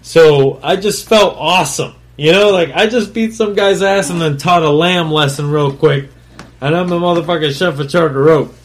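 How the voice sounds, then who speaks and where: A man's voice: fairly high pitch, normal speed, slight background noise. A man, a chef and podcast host, telling a story in a blunt, profane, boastful way and rambling with fillers and restarts. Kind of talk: casual solo storytelling.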